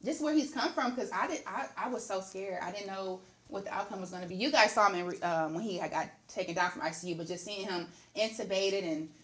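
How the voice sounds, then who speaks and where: Fast-talking earnest woman. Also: medium pitch, a bit bright. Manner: earnest, emotional storytelling with frequent fillers. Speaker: podcast guest. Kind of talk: casual chat.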